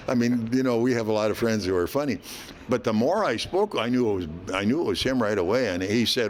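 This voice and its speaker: Older man, low voice, folksy, unhurried, faint background hum. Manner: folksy, unhurried with frequent uh fillers. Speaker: interviewee, veteran hockey announcer. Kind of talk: relaxed interview storytelling.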